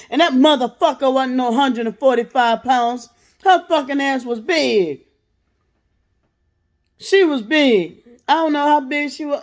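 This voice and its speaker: A young adult woman telling a profane, animated storytime rant as a vlogger, laughing and acting out voices. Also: a little high.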